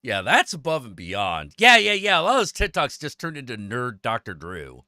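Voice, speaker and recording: Guy ranting on his stream, swears constantly, bright lively voice, dry close sound. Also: medium pitch, normal speed, dry recording. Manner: profane, animated ranting with stammered restarts. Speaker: stream host. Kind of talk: casual ranting chat.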